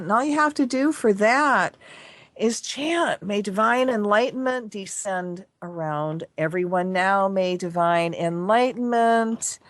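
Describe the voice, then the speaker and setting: A woman's voice: medium pitch, no echo. Effusive woman radio healer host. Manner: chatty and effusive. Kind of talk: casual talk radio chat.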